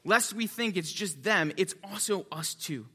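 A male pastor preaching a sermon, lively and jokey in his asides, quiet and reverent when he prays. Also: sits high, measured pace, breathy edge. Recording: long reverb of a large hall.

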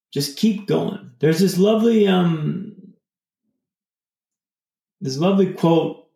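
A man with a slightly high, gravelly voice talks through a video call, his words bouncing around an echoey room. He rambles loosely and reflectively, stringing thoughts together with frequent fillers. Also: a little mellow. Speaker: podcast guest. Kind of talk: casual reflective storytelling.

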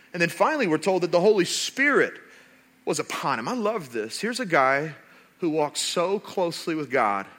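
A man, a pastor, preaching a sermon and telling stories with animated, rising emphasis. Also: fairly high pitch.

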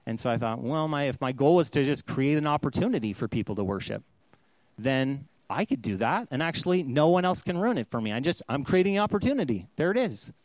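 A man's voice: medium pitch, lively intonation, fairly quick, a little mellow, no echo, poor audio. A middle-aged man giving a sermon as a pastor, talking conversationally and acting out the voices he quotes.

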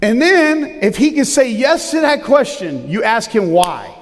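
A middle-aged man preaching a sermon as pastor, with a loud, booming, emphatic delivery. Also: sing-song, measured pace, faint music behind. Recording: long reverb of a large hall.

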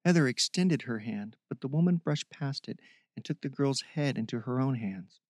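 A man narrating a fiction podcast in a steady reading voice and signing off to his listeners. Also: medium pitch, normal speed, dry recording, clean studio sound. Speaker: podcast storyteller. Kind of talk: scripted story narration.

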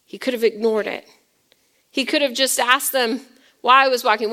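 A woman pastor preaching a dramatic sermon. She swings from loud emphasis to near whispers and puts rhetorical questions to the congregation. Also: fairly high pitch, measured pace.

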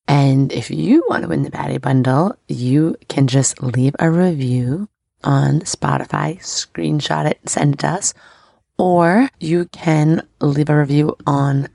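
A woman in her thirties chats warmly and effusively as an astrology podcast host. Her voice carries a gravelly fry and some scratchiness. The sound is dry and close to the mic. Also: deep voice, no echo. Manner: bubbly, effusive, chatty. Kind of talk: casual podcast chat.

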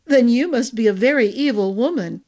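A woman's voice: on the high side, animated, normal speed, mellow. A woman doing a chatty motherly head cook. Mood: gossipy. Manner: gossipy, emphatic, fond.

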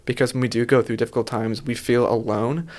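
A man's voice: medium pitch, fairly even intonation, fairly quick, a little mellow. A man hosting a casual conversation, reflective and somewhat hesitant, with many fillers as he asks questions. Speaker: host.

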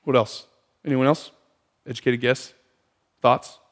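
A man preaching a sermon, asking the congregation questions in an animated way. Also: medium pitch, measured pace, in a large hall. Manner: animated, asks the room questions. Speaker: pastor.

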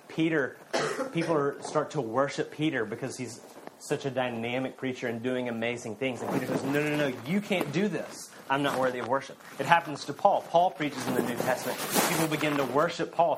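A man preaching a sermon, earnestly, with rising emphasis and then quiet intensity. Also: medium pitch, very noisy. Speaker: pastor.

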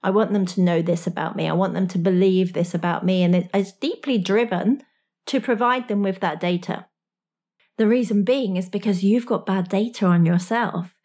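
A woman coaching straight at the listener in a motivational talk. Her voice sits at an ordinary middle pitch. Her delivery is frank and slangy, and she drops in small laughs. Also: normal speed, a little mellow.

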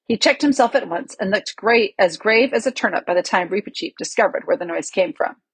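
Woman reading a kids book aloud, really husky breathy voice, dry close mic. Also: mid-range voice, animated, a little fast, no echo, rough recording. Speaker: audiobook reader. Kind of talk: storybook narration.

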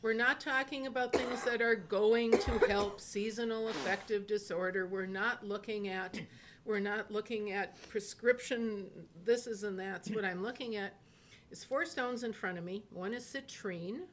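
A woman co-hosting a casual chat, adding quick quips and family stories. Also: mid-range voice, steady tone, a bit bright, slight background noise. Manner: quick quips and encouraging backchannel. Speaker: co-host.

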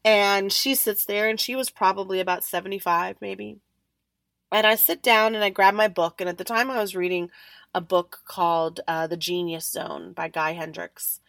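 A woman hosting a podcast, telling a story in an animated way and acting out the other people's lines. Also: on the low side, no echo. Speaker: podcast host. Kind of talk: storytelling monologue.

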